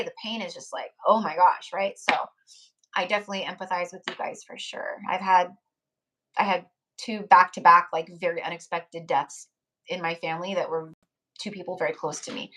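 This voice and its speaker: A woman's voice: lowish voice, fairly even intonation, fairly quick, fairly bright tone. A young woman hosting a live tarot stream, speaking in a rambling, heartfelt way, with many fillers and restarts. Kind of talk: casual live-stream chat.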